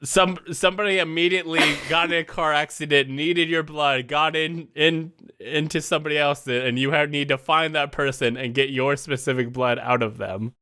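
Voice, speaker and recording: Bright-voiced man asking wry questions. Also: on the high side, steady tone, normal speed, hardly any pauses, clear, resonant tone. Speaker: podcast co-host. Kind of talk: casual chat.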